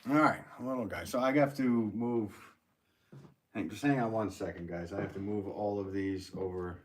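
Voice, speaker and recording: A man's voice: on the low side, normal speed, a little hiss or hum. A man hosting a live pottery stream from his studio, rambling and joking as he reads out viewer comments while he works. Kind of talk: casual live-stream chat.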